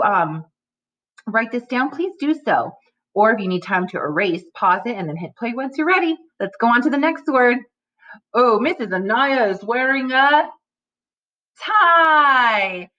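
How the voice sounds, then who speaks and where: A woman teacher giving a recorded phonics lesson to young children, speaking slowly and articulating every sound clearly. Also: medium pitch, sharp tone, muffled recording.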